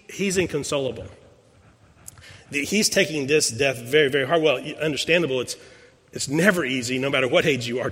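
A pastor in his sixties, his voice on the high side and a bit bright, tells a personal story during a sermon. He speaks conversationally and often restarts his words, with long reverb from a large hall.

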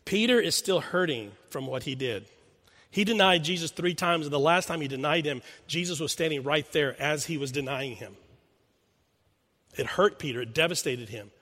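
A pastor preaches a sermon in a church, earnestly telling a story and putting questions to his listeners. His voice is a little high and fairly bright, moving at a normal speed, with a long hall reverb around it.

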